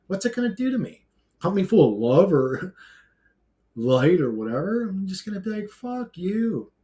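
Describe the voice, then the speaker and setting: A man's voice: high-pitched, big pitch swings, moderate pace, dark tone. A man giving a brash, blunt, profane ranting monologue to his own channel, laughing between outbursts. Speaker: YouTuber.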